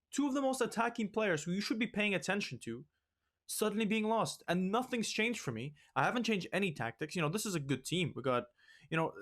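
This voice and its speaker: A young man hosting a let's play, ranting in exasperation and swinging loud and high when upset. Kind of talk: ranting game commentary.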